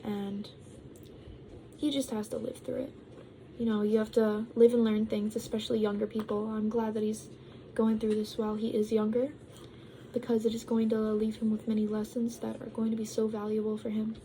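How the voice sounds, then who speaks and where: A woman's voice: a little high, monotone, moderate pace, mellow, a little hiss or hum, low-quality recording. A young woman talking casually to her vlog audience, rambling with lots of ums and likes, sometimes while eating. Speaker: vlogger.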